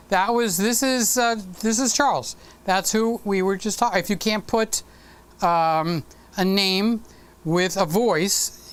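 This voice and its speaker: A man's voice: high voice, a bit bright, clear, resonant tone. A man hosting a casual live stream with a sore throat, chatty and teasing, talking into a desk microphone. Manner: chatty, teasing and affectionate with viewers.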